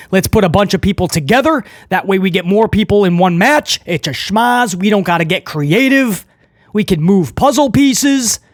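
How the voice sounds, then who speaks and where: A man's voice: high-pitched, no room sound, studio quality. A man reviewing a wrestling show, ranting with frustration in an emphatic, opinionated way.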